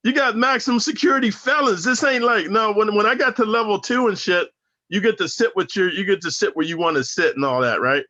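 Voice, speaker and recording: Guy from northern california talking rough and slangy, bright punchy voice, kinda muffled audio. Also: sits high, fairly quick. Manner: profane, slangy, emphatic storyteller. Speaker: interview guest, former prisoner. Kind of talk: casual storytelling interview.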